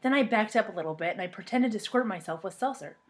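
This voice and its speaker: A woman reading a children's storybook aloud in a lively, expressive way, then talking to the children she reads for. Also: medium pitch, fast. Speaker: reader of a children's book.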